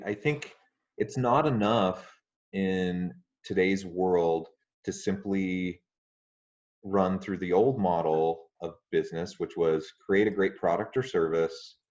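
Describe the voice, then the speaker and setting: A man hosting a podcast interview, speaking in a polite, measured way with frequent ums. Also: deep voice, a little mellow. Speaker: podcast host. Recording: muffled lo-fi audio.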